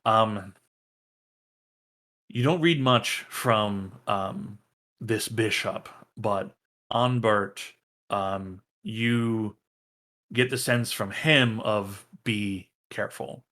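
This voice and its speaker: A man running a tabletop game as game master, narrating haltingly with many ums and uhs. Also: on the low side, sharp tone.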